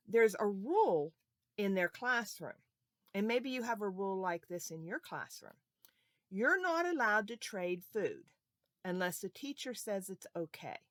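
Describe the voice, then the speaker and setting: A woman reading a story aloud to young children, her pitch swooping up and down with lots of expression. She keeps pausing to ask the kids questions, and the recording is dry and close. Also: no room sound. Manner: animated, asks the children questions.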